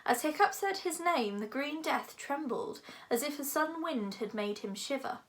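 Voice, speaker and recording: A woman narrating a children's book aloud with expressive storytelling. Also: high-pitched, normal speed. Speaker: audiobook narrator. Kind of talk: scripted narration.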